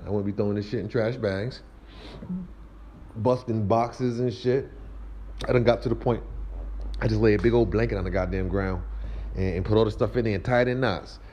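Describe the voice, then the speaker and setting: There's a slight hiss or hum as a vlogger in his 30s paces his house, rambling and cursing through a comedic rant. He talks at a normal speed but leaves long pauses, and his animated voice swings from high squeals down to low mumbles.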